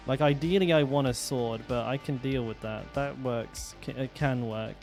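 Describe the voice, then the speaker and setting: A man with a mild West Country tinge to his English chats loosely while streaming a game, at a middling pitch, cursing easily and drifting off mid-thought. Faint music sits under his voice. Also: moderate pace, creaky. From southwest England. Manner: relaxed, chatty, swears casually, trails off mid-sentence. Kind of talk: casual live-stream chat while playing.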